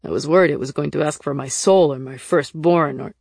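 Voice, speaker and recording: A woman voicing a brash, quick-tempered young man who speaks loudly and irritably. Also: deep voice, breathy edge, no echo, clean studio sound, voice pushed down. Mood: irritated. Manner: loud, irritable, growling.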